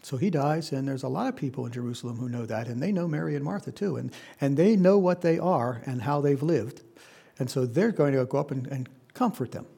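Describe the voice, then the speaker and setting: A man's voice: mid-range voice, a little fast, creaky, mellow, breathy edge. A man preaching a conversational Bible-teaching sermon, putting questions to his listeners. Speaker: pastor.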